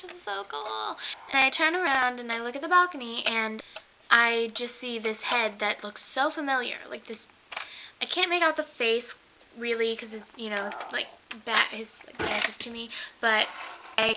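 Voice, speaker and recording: A young woman excitedly gushing in a casual vlog, rambling with lots of fillers. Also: a little high. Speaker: vlogger. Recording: dull lo-fi webcam sound with faint hiss.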